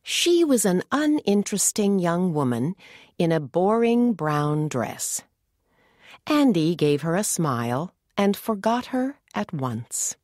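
A woman narrating a story in slow, clear English for learners. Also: on the low side, big pitch swings, darkish tone, dry recording, studio quality.

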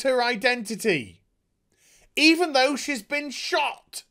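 A man's voice: high voice, sing-song, unhurried, a bit bright. A man ranting in a video review, exasperated and sarcastic, swearing often. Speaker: TV show reviewer.

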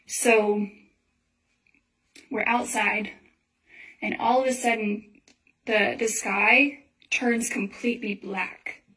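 A woman's voice: fairly high pitch, steady tone, slow pace, long pauses, sharp tone. A young woman earnestly telling a personal religious dream in a casual, rambling way, full of filler words. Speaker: Christian testimony speaker. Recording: voice a little far from the mic.

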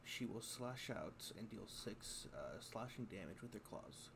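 A man's voice: lowish voice, lively intonation, measured pace, vocal fry. A man playing a tabletop game in casual chat, talking in a hesitant way with fillers. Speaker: player. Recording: voice chat with background noise.

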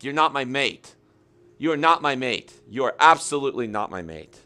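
A man's voice: mid-range voice, expressive, normal speed, pushed and bright. A male streamer hosting a comedic meditation bit, sounding flustered and exasperated as he complains. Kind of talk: comedic live-stream chat.

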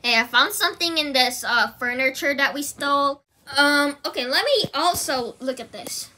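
Bright, giggly woman playing with toys. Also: high-pitched, normal speed, a little hiss or hum. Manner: giggly, rambling with ums. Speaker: toy play narrator. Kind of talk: casual toy play-acting.

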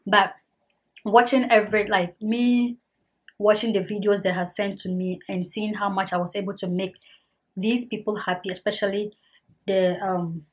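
Husky woman, earnest vlog talk. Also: medium pitch, little pitch movement, normal speed. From Ghana. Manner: earnest, heartfelt, repeats herself for emphasis. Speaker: vlogger. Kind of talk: casual talk to camera.

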